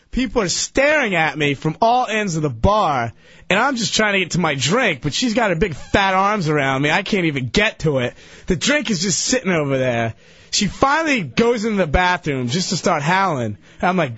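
A man on a radio talk show telling a story loudly and excitedly, acting out the people in it. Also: high-pitched, normal speed, slightly rough, dry recording, dull audio. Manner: loud, excitable, acts out the people in his story.

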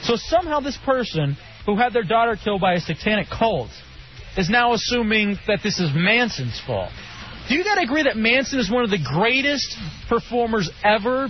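A man hosting a casual radio talk show, joking and animated. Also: normal speed. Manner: animated, joking, jumping pitch. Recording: dull lo-fi broadcast with faint hiss.

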